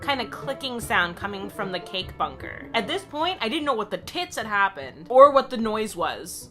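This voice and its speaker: Bright, high-voiced woman vlogger. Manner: quick, joking, crude humor. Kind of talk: casual storytime vlog.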